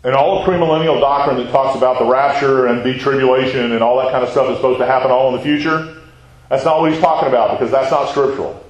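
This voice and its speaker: A man's voice: mid-range voice, fairly even intonation, fast talker, dull audio. A man teaching a Bible class in a conversational way, asking questions and answering them himself. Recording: very echoey room.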